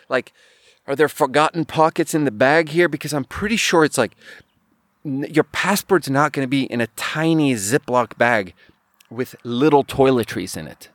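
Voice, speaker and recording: A man hosting a podcast, telling a funny travel story in a rambling, animated way and laughing at his own punchlines. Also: mid-range voice, moderate pace, no echo. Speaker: podcast host. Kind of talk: casual storytelling.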